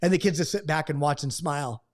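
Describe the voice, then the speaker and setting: Animated high-voiced male Bible teacher. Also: fast. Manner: acts out quoted outbursts, swings between loud and hushed. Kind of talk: impassioned Bible study talk to camera.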